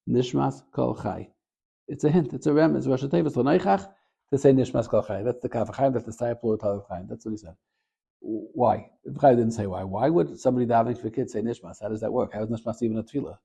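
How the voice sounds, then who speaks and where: Fast-talking gravelly rabbi telling a story. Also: male voice. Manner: animated storyteller, gets louder and higher at the story's peak. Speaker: rabbi and Torah teacher. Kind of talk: short Torah talk with storytelling.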